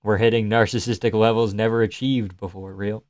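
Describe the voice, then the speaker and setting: A young man from Canada hosts a livestream in a loose, cursing, sardonic way, riffing on the chat as it comes in. His voice comes across smooth and clear. The mic sounds close and dry, with no room sound. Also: on the low side, level tone, a little fast, a little mellow, no room sound. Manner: profane, sardonic, reads chat aloud. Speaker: livestream host. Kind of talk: casual chat.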